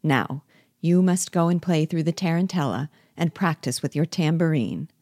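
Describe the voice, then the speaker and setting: A smug, self-assured husband talks down in a low, slow, measured way, soothing yet condescending, as a woman reading aloud voices him. The sound is close and dry. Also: dark tone, dry recording. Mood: patronizing.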